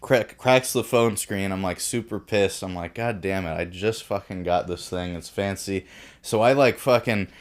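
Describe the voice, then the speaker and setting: A relaxed man with a fairly low voice spins a long story for friends on a casual podcast. He swears freely and chuckles as he goes. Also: moderate pace. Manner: laid-back, profane, laughs while telling a story. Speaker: podcast co-host.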